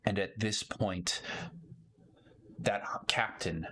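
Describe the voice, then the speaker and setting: A man with a low, slow voice running a tabletop game as game master. He sets scenes in measured, descriptive narration. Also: steady tone, fairly bright tone, whispered.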